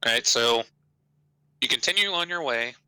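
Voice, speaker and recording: A man narrating a tabletop game as game master in a casual, quick way. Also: mid-range voice, expressive, sharp tone, smooth, no echo, poor audio.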